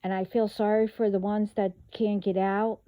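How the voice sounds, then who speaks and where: A woman vlogging in a casual monologue, talking haltingly with many fillers and trailing thoughts. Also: mid-range voice, little pitch movement, dull audio.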